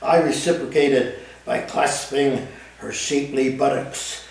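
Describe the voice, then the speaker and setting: A man's voice: on the high side, a little slow. Man reading a story, echoey distant sound. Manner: lively, dramatic storytelling. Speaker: author reading his novel. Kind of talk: first-person literary reading. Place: café event room. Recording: echoey room, mic at a distance.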